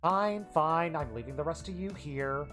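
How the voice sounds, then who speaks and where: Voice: mid-range voice, animated, moderate pace, fairly bright tone, close to an everyday voice. Teasing, slangy teen girl mage, played by a streamer, faint music behind.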